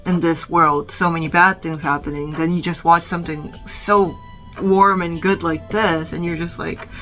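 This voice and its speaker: A woman vlogging from her bedroom, talking about films in a reflective, halting way full of "like". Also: on the low side, steady tone, fairly bright tone, soft background music, poor audio. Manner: reflective, halting, heavy use of "like". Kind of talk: casual film recommendations.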